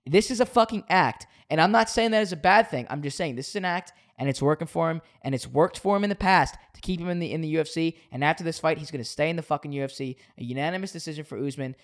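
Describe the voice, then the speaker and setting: A man co-hosting a sports podcast, telling a story in an animated casual way with frequent swearing. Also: a little high, fast, hardly any pauses. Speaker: podcast co-host.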